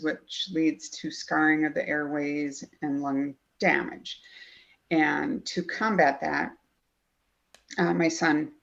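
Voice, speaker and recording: Low gravelly-voiced woman telling her story. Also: muffled recording. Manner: earnest, detailed storyteller who acts out quoted dialogue. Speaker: guest, mother of a child with a chronic illness. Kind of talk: personal storytelling in a podcast interview.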